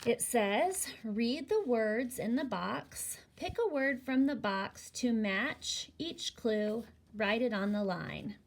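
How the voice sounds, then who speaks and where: A woman teaching a phonics lesson to young children, slowly and patiently spelling words out letter by letter. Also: on the high side, lively intonation.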